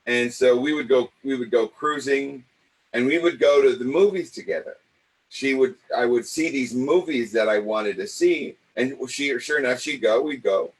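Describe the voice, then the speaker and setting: An older man from Los Angeles, an acting coach, telling personal stories in a lively way and acting out the voices of the people in them. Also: medium pitch, normal speed, rough recording. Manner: animated, acts out the voices of people in his stories. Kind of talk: personal storytelling.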